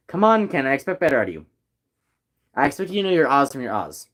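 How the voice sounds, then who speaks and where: A man's voice: mid-range voice, big pitch swings, fast talker, a bit bright. A young man in casual chat with friends, teasing them in a mock-teacherly way.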